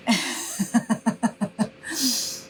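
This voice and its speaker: A woman's voice: fairly high pitch, fairly even intonation, drawn-out words, slight background noise, rough recording. A middle-aged woman hosting a craft livestream, chatting casually and folksily with her viewers and calling them y'all. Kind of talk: casual chat with live viewers.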